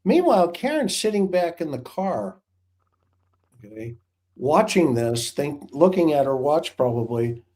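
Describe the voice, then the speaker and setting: Mellow-voiced man spinning a long anecdote. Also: fairly high pitch, very animated, unhurried. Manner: rambling, vivid storyteller with restarts. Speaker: former hostage negotiator. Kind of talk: casual anecdote telling.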